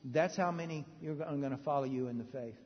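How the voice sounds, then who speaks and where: A man preaching a sermon, animated and joking with the audience, swinging between loud bursts and hushed moments. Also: mid-range voice, a little fast. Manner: joking, conversational asides to the audience. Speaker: pastor. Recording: reverberant hall, dull lo-fi sound.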